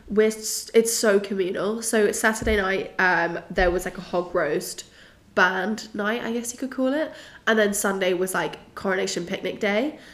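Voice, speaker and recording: A woman's voice: mid-range voice, fairly bright tone. A young woman from England, hosting a podcast, chatting and telling a story with lots of giggles and fillers. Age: young adult. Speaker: podcast host. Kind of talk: casual storytelling monologue.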